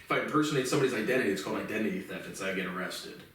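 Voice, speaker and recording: A man's voice: lowish voice, very fast, a bit bright. A man giving a profane, rambling and indignant solo commentary. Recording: very echoey room, mic far off.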